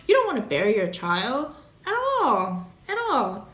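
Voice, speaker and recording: A woman's voice: mid-range voice, very animated, unhurried, fairly bright tone. A young woman talking candidly in a casual vlog, blunt, emotional and full of swearing. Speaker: vlogger, new mother. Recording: echoey room.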